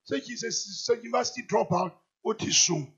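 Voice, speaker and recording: A man with a Nigerian accent preaching a sermon, moving from quiet storytelling to shouted declarations. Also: sits high, fairly quick, slightly rough, dull audio. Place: large church hall.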